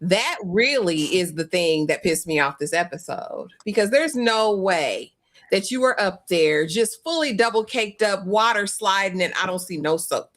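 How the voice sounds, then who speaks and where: A woman's voice: medium pitch, lively intonation, moderate pace, fairly bright tone. Sassy woman ranting on a recap show. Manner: sassy, emphatic, repetitive lists. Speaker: podcast co-host. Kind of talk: casual TV recap chat.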